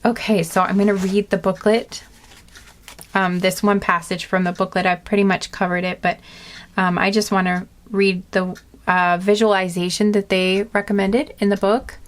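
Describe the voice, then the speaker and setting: A woman's voice: medium pitch, flat delivery, normal speed. A woman giving a casual tarot reading to her viewers, rambling and heartfelt with many fillers. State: tearful, emotional. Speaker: tarot reader.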